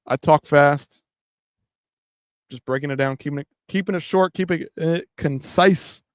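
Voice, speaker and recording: A man's voice: a little high, fairly quick, no echo, clean studio sound. A man hosting a live stream late at night, talking casually and profanely in a loose, rambling way with many restarts. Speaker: livestream host.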